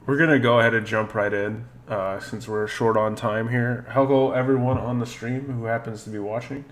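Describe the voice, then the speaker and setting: A man running a tabletop game as game master, narrating the scene at an easy pace with frequent fillers and restarts. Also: mid-range voice. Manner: relaxed, halting narration with many fillers.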